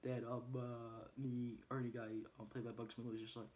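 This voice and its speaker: A man's voice: mid-range voice, level tone, fairly quick, darkish tone. A man casually retelling a film plot, hesitating often with ums and uhs. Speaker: movie reviewer.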